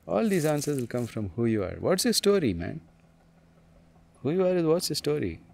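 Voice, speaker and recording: A man, a spiritual teacher, talks casually and bluntly in an animated way, laughing often and calling the listener man and dude. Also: on the high side, moderate pace, gravelly.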